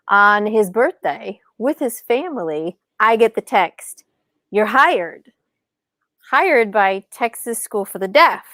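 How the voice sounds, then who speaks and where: A middle-aged woman telling her story in an animated, casual way as an interview guest, acting out quoted lines in a higher voice. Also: slow, pauses often, dry recording, clean studio sound. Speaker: podcast guest, author and speaker.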